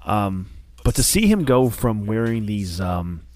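A man co-hosting a casual podcast chat, talking in an animated, rambling way with many restarts. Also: fairly low pitch, measured pace. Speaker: podcast co-host.

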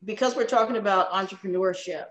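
This is a middle-aged woman, a guest chatting on a talk show. She tells her stories at an even, middle pitch and acts out the people she quotes. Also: fast. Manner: storytelling, acts out quoted dialogue. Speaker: guest, wine business co-founder. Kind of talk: casual interview chat.

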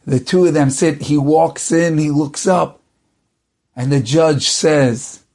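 A man tells a religious tale with dramatic, animated delivery, speeding up and slowing down. His voice sits high for a man and carries a steady gravelly fry. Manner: dramatic, animated, shifting pace. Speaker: storyteller.

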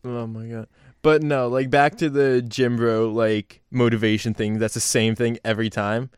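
Podcast co-host: young guy, clear smooth voice, joking and cussing, dry room. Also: medium pitch, moderate pace, dry recording. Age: 20s. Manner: animated, joking, profane. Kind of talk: casual chat.

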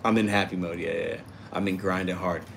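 A man's voice: deep voice, steady tone, fast, creaky, fairly bright tone, a little hiss or hum. Upbeat man chatting on a livestream. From Puerto Rico. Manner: upbeat, chatty, reacts to viewer comments. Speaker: livestream host reading chat. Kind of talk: casual livestream chat.

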